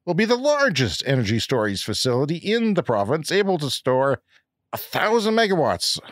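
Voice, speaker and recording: A man's voice: medium pitch, sing-song, a little fast, no room sound, studio quality. A Canadian man co-hosting a podcast, reading news and letters in a wry, joking manner. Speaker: podcast co-host. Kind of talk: casual podcast chat.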